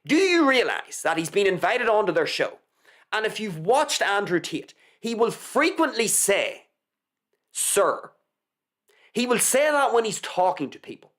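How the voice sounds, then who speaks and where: Scornful woman ranting live, lively pitch. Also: normal speed. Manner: combative and scornful, lectures the audience. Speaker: online commentator, show host. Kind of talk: live opinion monologue.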